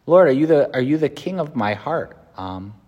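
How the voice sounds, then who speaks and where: American priest with church reverb. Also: male voice, mid-range voice, very animated, moderate pace, a little mellow, dull audio. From United States. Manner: conversational, with filler words and restarts. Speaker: Catholic priest. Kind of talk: homily.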